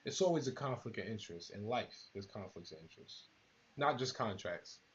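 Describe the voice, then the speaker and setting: A man's voice: lowish voice, expressive, brisk, lo-fi sound. A man hosting a live stream, talking casually and rambling straight to his viewers. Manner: laid-back, rambling, talks straight to viewers. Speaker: battle rap channel host.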